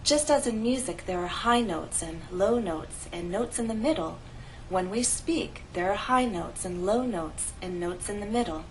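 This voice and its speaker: A woman teaching an English pronunciation lesson, speaking clearly and deliberately. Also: medium pitch, expressive, a little hiss or hum, rough recording. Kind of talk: scripted lesson narration.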